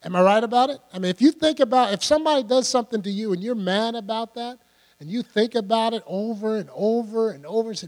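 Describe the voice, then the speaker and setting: A man's voice: extremely high pitch, brisk. An older man preaching a sermon in a conversational way, often putting questions to his listeners. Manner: conversational, asks the congregation questions. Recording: long hall reverb with mains hum.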